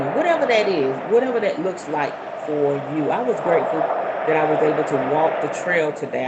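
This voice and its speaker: A woman hosting a spiritual show, leading a guided meditation in a slow, soothing, homey way, with soft drawn-out "ooh" sounds. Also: low-pitched, highs cut off, very noisy. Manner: casual and homey, addressing listeners as "y'all" and "baby". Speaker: spiritual podcast host. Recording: loud ocean-wave sounds behind the voice.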